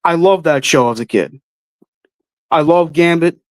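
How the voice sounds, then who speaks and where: A man's voice: fairly high pitch, measured pace, no echo. A man hosting a livestream, answering chat questions with blunt, offhand opinions and casual swearing. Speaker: host answering live chat.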